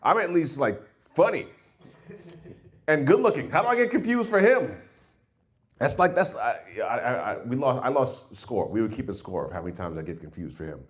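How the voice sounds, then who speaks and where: A man's voice: mid-range voice, normal speed. A man in his forties doing an open-mic stand-up set, rambling and profane, telling stories with lots of restarts. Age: 40s. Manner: profane, rambling, animated storytelling. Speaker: stand-up comedian.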